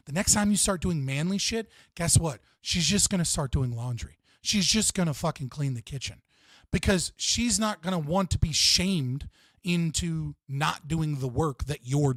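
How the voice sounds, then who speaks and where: A man's voice: a little high, no echo. A man giving blunt, profane, rambling relationship advice in casual podcast talk.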